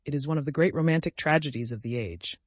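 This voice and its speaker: A man's voice: a little high, fast talker, dry recording, lightly acted. A man reading the part of a young man who is cold, bored and self-absorbed, speaking in a languid, dismissive way.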